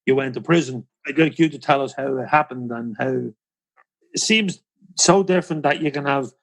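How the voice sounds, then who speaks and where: A man's voice: medium pitch, moderate pace, a bit bright. A man in his forties hosting a podcast, framing long scene-setting questions in a casual interview. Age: 40s. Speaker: podcast host.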